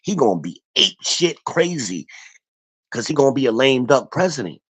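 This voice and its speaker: A man's voice: medium pitch, sing-song, moderate pace, a bit bright, slightly rough. A man hosting a casual stream, ranting bluntly with lots of cursing and rambling asides. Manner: blunt, profane, rambling rant. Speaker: channel host.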